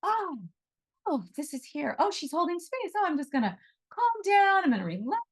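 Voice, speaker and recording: A woman voicing an imagined frightened shelter animal that slowly calms down, speaking in a high, sighing tone of relief. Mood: relieved.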